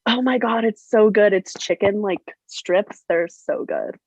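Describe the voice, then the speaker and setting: A woman's voice: medium pitch, a little slow, dry recording. A young woman wrestler from New Mexico chatting casually in an interview, upbeat and laughing often. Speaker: professional wrestler, guest. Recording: dull, muffled lo-fi sound.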